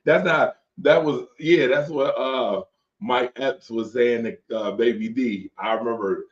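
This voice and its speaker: A man's voice: mid-range voice, unhurried. A man hosting a late-night sports talk stream, joking loosely and reading viewer comments aloud. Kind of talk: casual chat with viewers. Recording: dull lo-fi stream audio.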